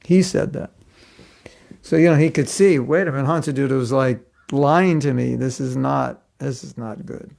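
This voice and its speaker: Gravelly-voiced man telling devotional stories. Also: medium pitch, normal speed, few pauses, a little mellow. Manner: conversational storytelling, chuckling often. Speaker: spiritual teacher. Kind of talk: devotional class lecture.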